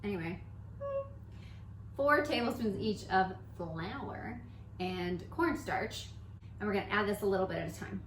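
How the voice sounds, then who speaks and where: A young woman hosts her own baking show from her home kitchen, explaining each step casually and joking at her own expense. Her voice rings in an echoey room. Construction noise carries in clearly from outside. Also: medium pitch, a little slow, pauses often. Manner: playful, self-mocking, jokey asides. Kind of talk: casual cooking tutorial.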